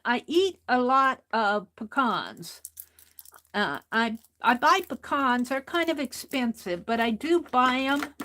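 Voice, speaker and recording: A woman with a high voice hosts a relaxed art livestream, talking slowly as she draws. She is chatty, reads her viewers' comments aloud and laughs easily. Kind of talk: casual livestream chat while drawing.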